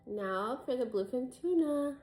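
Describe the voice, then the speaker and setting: A woman's voice: high voice, animated, a little slow, darkish tone, slight background noise. A woman casually narrating as she prepares food for her cooking vlog. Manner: chatty, talks while preparing food. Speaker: cooking vlogger.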